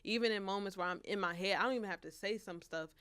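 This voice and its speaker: Here the twenty-one-year-old college senior and author talks fast, her medium-pitched voice fairly bright, clear and resonant on a dry recording. The casual faith-centered interview finds her earnest and reflective, with frequent restarts and laughter.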